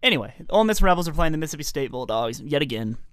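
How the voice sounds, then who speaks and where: A man co-hosting a casual sports podcast, setting up stories briskly and steering the talk. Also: a little high, very animated, a bit bright, smooth, no room sound. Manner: brisk, steers the story, cuts in. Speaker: podcast co-host.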